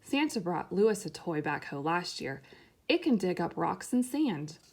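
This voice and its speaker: A woman voicing Lamb, a small kind toy lamb who speaks softly and soothingly. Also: on the low side, very animated, measured pace, husky, heavily acted. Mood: reassuring.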